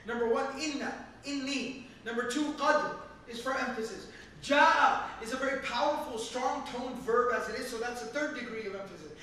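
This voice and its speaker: A man with a very high, bright voice teaches a Quran commentary lesson, pressing each point with earnest emphasis. He is recorded by a camera from some distance in a large mosque hall, so his voice rings with heavy echo. A faint hum of the room sits underneath. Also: a little fast. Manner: earnest, emphatic explaining with Arabic recitation. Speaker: Islamic teacher.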